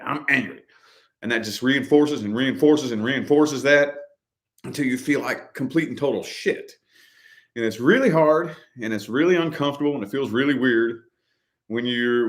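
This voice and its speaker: A middle-aged man hosting a casual chat, talking loosely and repeating himself, full of dude and man. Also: medium pitch. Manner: loose, repetitive, slangy, says dude and man. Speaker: podcast co-host.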